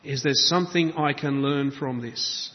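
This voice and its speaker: A man's voice: medium pitch, measured pace, in a large hall, highs cut off. A man preaching a sermon, building rhythmic lists and asking reflective questions.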